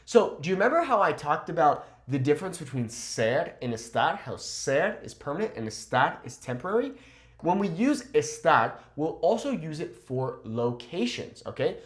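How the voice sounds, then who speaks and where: Male language teacher, upbeat and animated, slightly high pitch, repeats phrases slowly and checks in often. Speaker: Spanish teacher. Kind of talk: language lesson. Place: Mexico.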